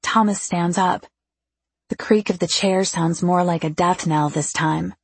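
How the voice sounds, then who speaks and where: A woman with a husky, gravelly voice narrating a first-person novel in an intimate, confiding way. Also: on the low side, fairly even intonation, a little slow, no echo. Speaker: audiobook narrator.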